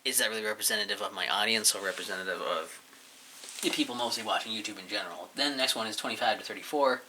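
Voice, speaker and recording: A man's voice: fairly low pitch, very fast, noisy background. A man casually rambling through a look back at his own channel, mumbling and swearing offhandedly as he goes. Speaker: YouTuber reviewing his channel.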